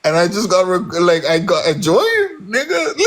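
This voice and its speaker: Excitable, profane man laughing on stream. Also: sits high, fairly quick. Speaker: live stream guest. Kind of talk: casual live-stream chat.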